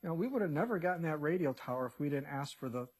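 Male pastor, husky and raised in pitch, lively delivery, acts out characters mid-sermon. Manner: animated, acts out the story characters in quick voices. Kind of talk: expository sermon.

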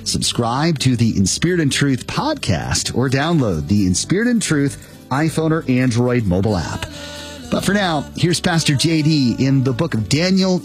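Male announcer with lively intonation over faint music. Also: mid-range voice. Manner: smooth, promotional. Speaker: broadcast announcer. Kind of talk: scripted radio introduction.

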